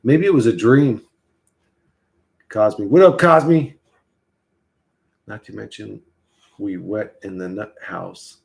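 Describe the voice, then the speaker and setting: A man's voice: lowish voice, takes it slowly, vocal fry, long pauses, a little mellow. A man hosting a casual livestream, rambling and swearing as he talks to his chat and to his dog. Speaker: livestream host.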